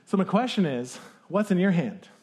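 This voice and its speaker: A man's voice: high voice, lively intonation, moderate pace, a little mellow. A man preaching a sermon as pastor, talking in a casual, conversational way with fillers.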